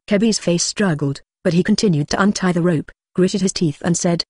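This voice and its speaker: A machine-read audiobook narration that speaks punctuation marks aloud in a flat, even delivery. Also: mid-range voice, brisk, few pauses, husky, dry recording.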